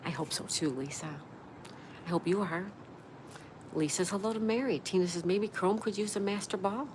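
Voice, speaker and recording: A woman's voice: mid-range voice, moderate pace, background noise. A woman hosting a casual livestream, reading viewers' comments aloud in a chatty, friendly manner. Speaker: livestream host reading chat.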